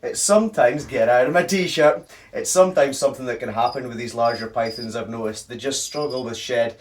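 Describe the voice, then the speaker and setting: A man's voice: medium pitch, fairly quick, far from the mic. A man who keeps reptiles, hosting a casual vlog and chatting to the camera while he handles and coos over large pythons. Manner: chatty, coos affectionately at the snakes. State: slightly out of breath. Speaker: reptile keeper and channel host.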